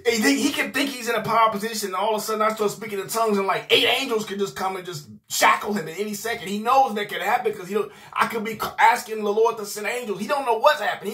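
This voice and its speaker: A man's voice: high voice, fairly bright tone. A man preaching an informal video sermon. He talks in a rowdy, emphatic way, often repeating "man" and "I promise you".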